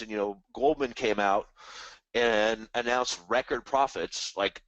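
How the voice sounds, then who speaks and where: A man's voice: mid-range voice, moderate pace, fairly bright tone, no echo, lo-fi sound. A man hosting a live trading stream, rambling casually and animatedly about markets and the economy, now and then mimicking other people's voices. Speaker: trading webinar host.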